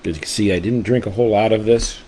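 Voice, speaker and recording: Low, mellow-voiced enthusiastic man. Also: quick pace, slight background noise, rough recording. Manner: enthusiastic and rambling, with frequent restarts. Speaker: whisky reviewer and channel host. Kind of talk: casual tasting review.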